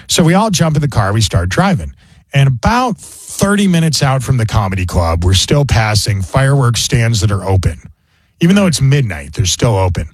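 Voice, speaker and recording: A man's voice: on the low side, husky, no room sound. A man hosting a radio show, telling jokey stories in casual banter. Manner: jokey storyteller, mock pronunciations.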